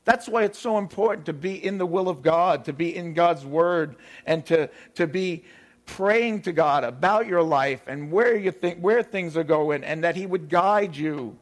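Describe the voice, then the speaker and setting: A man's voice: fairly high pitch, a little slow. A man preaching a sermon in an emphatic way, repeating his key phrases.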